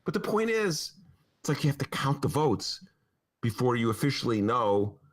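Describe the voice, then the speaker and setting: Animated sarcastic man host. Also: medium pitch, normal speed. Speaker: podcast host. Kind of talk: political talk show banter. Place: radio studio.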